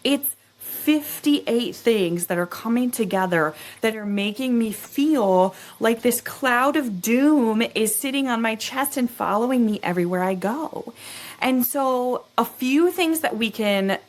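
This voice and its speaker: Animated woman explaining with vivid images. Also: on the high side, measured pace. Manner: animated teaching, checks in with "right?" and "okay?". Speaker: guest expert on farm stress. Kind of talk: explanatory interview talk.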